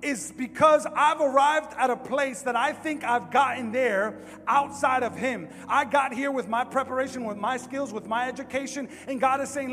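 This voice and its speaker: High-voiced man preaching in a reverberant hall. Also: moderate pace. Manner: emphatic, animated preaching, acts out quotes. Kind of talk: sermon. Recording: long hall reverb with music behind.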